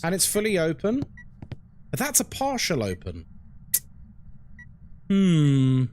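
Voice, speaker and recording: A man's voice: on the high side, huge pitch swings, slow, long pauses, a little mellow, slight background noise. A young man streaming a ghost-hunting game live, chatting casually with his chat while he plays and reacting to what happens in the game.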